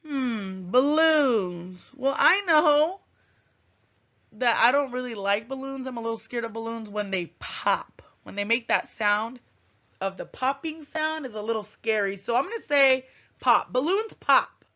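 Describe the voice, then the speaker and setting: A woman teaching a writing lesson to young children, thinking aloud with long hums in a gentle, encouraging way. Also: a little high, moderate pace. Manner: gentle, encouraging, sing-song classroom delivery. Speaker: first grade teacher. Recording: dull lo-fi recording.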